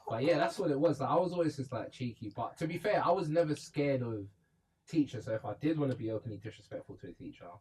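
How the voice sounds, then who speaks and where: A man co-hosting a podcast, telling school stories in casual, animated chat and laughing through them. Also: mid-range voice, quick pace, slightly rough, rough recording. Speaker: podcast co-host.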